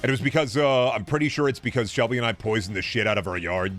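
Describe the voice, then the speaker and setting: A man's voice: medium pitch, quick pace, fairly bright tone, faint music behind. A young man streaming a game and chatting casually, rambling and profane, often stammering and restarting his sentences.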